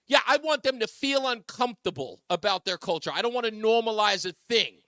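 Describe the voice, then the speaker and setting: A man hosts a talk radio show, riffing on the news and taking calls with animated, mocking energy. His voice sits high and sounds bright and forceful. The studio sound is close and dry. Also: brisk, no echo.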